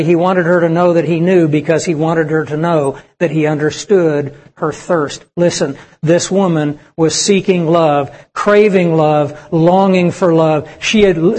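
A man preaching a sermon with passion, acting out the voices he quotes and swinging between loud and hushed delivery. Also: a little high. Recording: reverberant hall.

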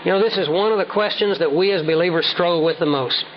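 Emphatic preacher man, lo-fi sermon recording. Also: sits high. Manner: measured, emphatic preaching with slow stressed words. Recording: dull lo-fi sound with faint noise.

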